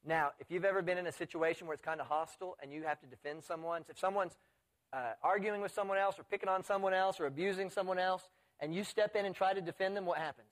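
A man's voice: high-pitched, fairly even intonation, quick pace. A man preaching a sermon in a conversational way, often putting questions to his listeners. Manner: conversational, asks the audience questions.

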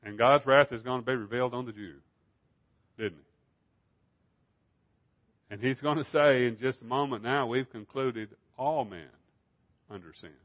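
A man's voice: medium pitch, moderate pace, long pauses, highs cut off. A man preaching a Bible study sermon in an emphatic style, asking rhetorical questions.

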